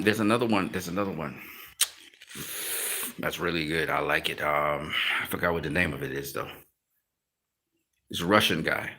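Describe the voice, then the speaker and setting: The YouTube host here has a lowish, sharp-toned voice as he runs a relaxed live-stream chat. His speech is slangy and easygoing, punctuated by frequent laughter and sentences he leaves unfinished.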